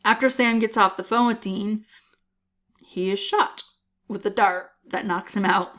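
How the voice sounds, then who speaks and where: A woman in relaxed podcast chat, walking through an episode scene by scene. She keeps a middle pitch and an easy conversational tone. She slips into quick acted quotes of the characters as she goes. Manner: retells scenes, acting out lines in quoted voices. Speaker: podcast co-host. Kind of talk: casual recap chat.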